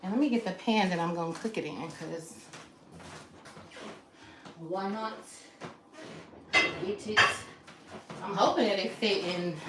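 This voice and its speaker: A woman chatting casually to her viewers as she cooks in a home kitchen, talking straight to them as y'all. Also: medium pitch. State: out of breath. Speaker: vlogger. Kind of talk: casual cook-with-me chat to viewers. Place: home kitchen, running water and frying. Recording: echoey kitchen with faint background noise.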